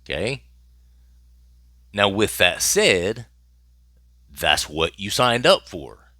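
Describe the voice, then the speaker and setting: A man's voice: lowish voice, sing-song, extremely slow, pushed and bright, no echo, studio quality. A man hosting his own channel, commenting on celebrity news in a casual, emphatic way and repeating phrases for effect.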